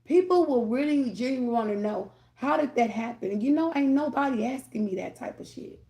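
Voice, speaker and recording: This tarot reader's gravelly, warm voice sits high, and she sounds animated while talking a little fast. Addressing her viewers directly about spiritual matters, she rambles candidly, peppering her thoughts with "y'all" and "okay?", and stays mellow and informal the whole time.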